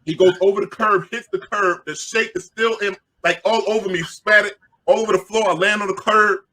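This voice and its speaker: A middle-aged man from Queens, telling an animated, jokey story and loudly acting out the crowd. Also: high voice, brisk. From Queens, New York.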